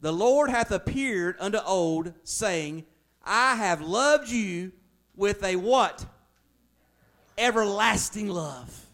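A man's voice: sits high, animated, slow pace, fairly bright tone. A man, a pastor preaching a conversational sermon that builds to emphatic, raised passages.

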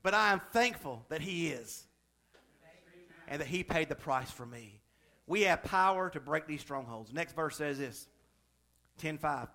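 A man's voice: a little high, expressive, unhurried, long pauses, bright, forceful tone. A male pastor delivering a sermon, moving from chatty, joking asides to fervent, emphatic preaching.

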